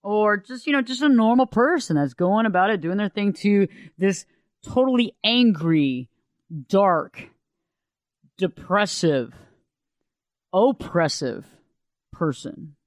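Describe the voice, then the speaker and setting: A man talking casually about relationships as an advice speaker, animated and acting out the quoted voices of others. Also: sits high, takes it slowly, pauses often, no echo, studio quality.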